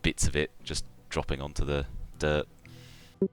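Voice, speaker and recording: A man's voice: rumbling low, little pitch movement, moderate pace, soft background music. A man narrating a tabletop game as game master, hesitant, with many fillers and restarts.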